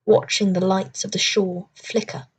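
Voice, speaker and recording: A woman's voice: medium pitch, level tone, unhurried, husky. Woman reading a children's adventure story. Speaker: audiobook reader. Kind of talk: storybook narration.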